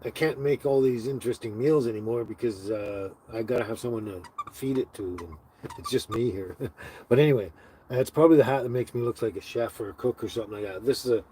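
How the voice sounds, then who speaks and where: A man chats loosely on a live stream, wandering from one thought to the next with frequent fillers and restarts. He sounds like he is talking from inside a small home, and steady background noise runs under his voice throughout. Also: medium pitch, low-quality recording. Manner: rambling, halting, with many restarts and fillers. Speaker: livestream host. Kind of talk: casual live-stream chat.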